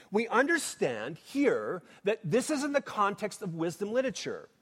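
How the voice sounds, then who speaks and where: A man preaching a sermon, asking the congregation rhetorical questions as he goes. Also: high voice. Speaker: pastor. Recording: long hall reverb.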